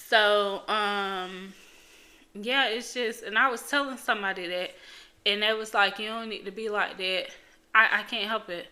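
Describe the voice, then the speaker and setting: A woman's voice: mid-range voice, pushed and bright. A young woman hosting her own podcast, talking frankly and bluntly in casual chat, swearing freely and leaning on fillers. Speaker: podcast host. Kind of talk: casual solo podcast talk.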